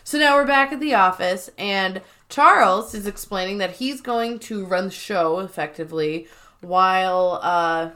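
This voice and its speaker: A woman's voice: medium pitch, a little slow, pushed and bright. A woman co-hosting a podcast in casual chat, recapping episodes and acting out quoted lines. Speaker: podcast co-host.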